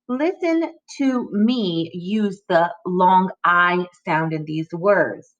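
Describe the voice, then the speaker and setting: Lady teacher doing a phonics lesson for kids, slow and careful, sounding out each letter, kinda muffled recording. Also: medium pitch. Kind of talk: phonics lesson for young children.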